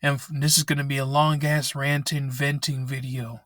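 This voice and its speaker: This young man's rant vlog, made in his parked car on a laptop microphone, is full of anger, frustration and frequent swearing. His voice is medium-pitched and a bit bright, delivered flatly at a normal speed. It has no echo and sounds studio quality.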